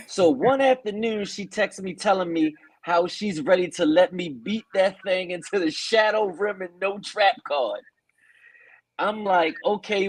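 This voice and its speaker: Lively man retelling a wild story. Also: high-pitched, no room sound, low-quality recording. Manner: animated storyteller acting out quotes. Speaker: podcast host. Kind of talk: storytelling a listener's tale.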